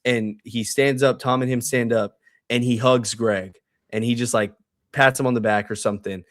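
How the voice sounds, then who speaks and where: A man co-hosting a podcast, excitedly recapping a TV show in casual, profane chat. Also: medium pitch, no echo, clean studio sound. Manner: excited, profane, quotes characters in quick asides. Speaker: podcast co-host.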